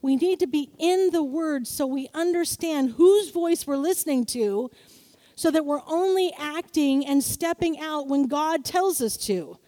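High-voiced woman preaching animatedly. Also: unhurried. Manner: animated, playful storytelling with acted-out voices. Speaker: pastor. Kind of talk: sermon.

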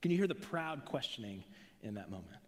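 A pastor preaches a sermon in a church sanctuary, speaking into a pulpit mic with a brisk, sing-song, medium-pitched voice. He is earnest, his phrases rising emphatically, and the large hall adds long reverb.

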